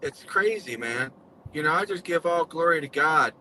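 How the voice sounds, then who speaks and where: A man's voice: a little high, lively intonation, normal speed, noisy background. A man earnestly telling his story in casual live-stream chat, with folksy speech.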